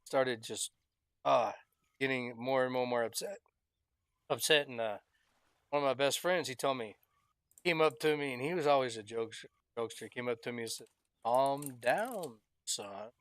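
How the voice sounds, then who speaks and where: A man's voice: medium pitch, normal speed, long pauses, a bit bright, clear, resonant tone, no echo, clean studio sound. A man chatting casually while playing a fishing game, telling laid-back, rambling work stories and laughing often into a headset mic. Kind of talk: casual chat while gaming.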